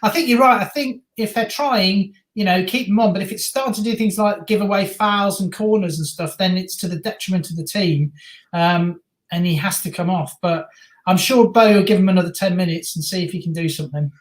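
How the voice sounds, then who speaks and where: A woman's voice: mid-range voice, fairly quick. A woman co-hosting a live football reaction stream, reading viewer comments aloud and laughing easily. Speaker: co-host. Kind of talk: live match reaction chat. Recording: roomy echo.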